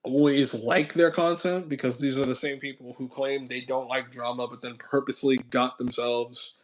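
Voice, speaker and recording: A young man talks with a friend on his stream in a loose, rambling way. He drifts into reflection and lets sentences fade off quietly. His pitch sits in an ordinary middle range. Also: steady tone, moderate pace. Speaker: channel host. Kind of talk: casual chat on a stream.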